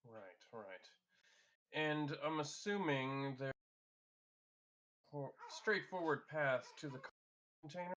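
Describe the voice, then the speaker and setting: A man's voice: on the high side, animated, slow pace, long pauses, fairly bright tone. A man playing a tabletop game, asking polite, formal questions in character over a voice call. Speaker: player. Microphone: home mic on a voice call.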